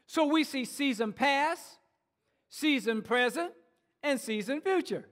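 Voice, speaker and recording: A male pastor delivers a sermon in a strikingly high voice, calling out to his congregation as he goes. He stumbles and repeats words mid-thought, pressing each point home. His voice hangs in a long reverb that fills a large church hall. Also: expressive, slow, a bit bright. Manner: exhorting congregation, frequent restarts and repeated words.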